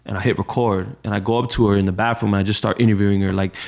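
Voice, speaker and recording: A man's voice: fairly low pitch, fairly even intonation, very fast, vocal fry, darkish tone. Rambling New man telling a story. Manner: rambling storyteller, lots of bro and slang. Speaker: DJ and radio host. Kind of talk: casual storytelling chat.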